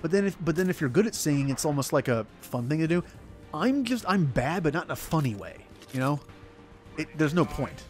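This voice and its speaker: A man's voice: on the high side, sing-song, a little fast, darkish tone, soft background music. A man chatting casually over gameplay, rambling and poking fun at himself. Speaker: gaming streamer. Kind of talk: casual let's-play commentary.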